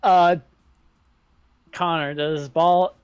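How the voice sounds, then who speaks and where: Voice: mid-range voice, steady tone, extremely slow, darkish tone, clear, resonant tone, dry recording, highs cut off. A tabletop game player joking around in casual chat. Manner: joking, playful.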